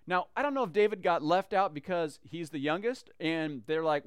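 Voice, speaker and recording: A man's voice: high voice, animated, fast talker, few pauses, clean tone, no room sound, clean studio sound. A man teaching a Bible story in a casual, conversational way, acting out the characters as he goes. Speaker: church teacher.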